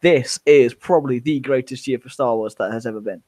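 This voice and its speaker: A man's voice: mid-range voice, a little fast, a little mellow, no echo. A man co-hosting a podcast, chatting casually and gushing with enthusiasm. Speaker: podcast co-host. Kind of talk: casual fan discussion.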